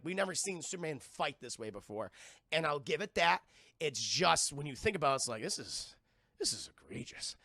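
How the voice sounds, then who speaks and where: Brief: young male streamer, bright gravelly voice, excitable and profane, dry close mic. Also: on the high side, dry recording. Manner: excitable, profane, acts out scenes in loud yelps. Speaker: film reviewer streaming live. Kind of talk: casual profane film recap.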